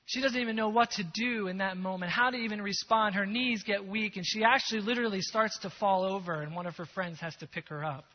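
A male preacher telling a story in a sermon, animated, moving from loud to hushed. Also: sits high, brisk, few pauses. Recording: long hall echo, dull sound.

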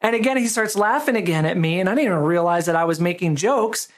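Relaxed storytelling male pastor. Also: sits high, fast. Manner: relaxed storytelling, self-deprecating humor. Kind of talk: conversational sermon with a personal story.

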